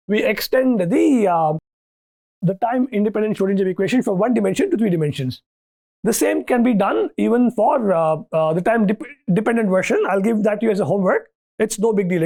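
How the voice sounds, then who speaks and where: Lecturer, university lecture, restarts, checking questions, mid-pitched voice. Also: a little mellow. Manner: repeats "okay, right?" to check understanding; thinks aloud with restarts and fillers.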